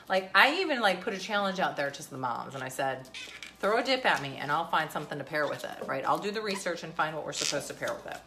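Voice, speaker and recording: Sarcastic mom in her thirties, bright edge, faint room hiss. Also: on the low side. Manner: chatty, sarcastic, venting. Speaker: vlogger. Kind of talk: casual chat to camera.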